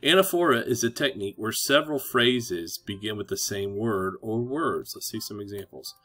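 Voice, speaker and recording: A man's voice: lowish voice, normal speed, few pauses, bright, forceful tone, soft background music. A man teaching a recorded lesson to children, chatty and encouraging. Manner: chatty, encouraging, reads quotes aloud with emphasis.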